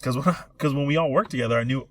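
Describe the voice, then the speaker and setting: A man's voice: medium pitch, fast, fairly bright tone. Rambling, cussing young podcast guy. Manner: rambling, profane, self-interrupting storyteller. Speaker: podcast co-host. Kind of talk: casual chat.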